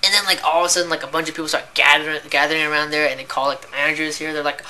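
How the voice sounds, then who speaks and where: A woman's voice: deep voice, steady tone, racing, bright, forceful tone. A young woman who works as a cashier, ranting in a casual, rambling way about annoying customers and filling her talk with "like" and "right?". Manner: exasperated, rambling, heavy use of "like" and "right?".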